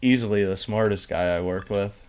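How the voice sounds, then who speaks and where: A man's voice: on the low side, normal speed, darkish tone, smooth. A young man hosting a casual podcast chat, telling rambling, profane work stories full of likes. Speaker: podcast host.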